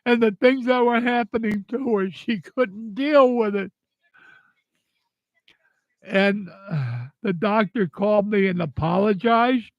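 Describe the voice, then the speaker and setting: An older man talking through tears in a halting, repetitive way, angry and grieving. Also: sits high, gravelly, darkish tone, dry recording, lo-fi sound. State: tearful. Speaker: vlogger. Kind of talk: emotional personal monologue.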